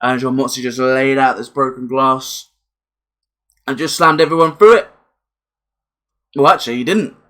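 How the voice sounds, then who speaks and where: A young man reviewing a wrestling event in a casual, excitable, rambling way, swearing freely and repeating himself. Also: mid-range voice, moderate pace, pauses often.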